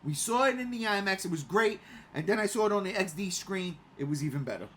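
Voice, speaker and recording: Forties guy ranting on a podcast, super lively up and down voice, loud then mumbly, swears a lot. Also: quick pace, a little hiss or hum. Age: 40s. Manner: animated, swings from loud rants to low mutters; swears freely, laughs mid-sentence. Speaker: podcast co-host. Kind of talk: casual chat.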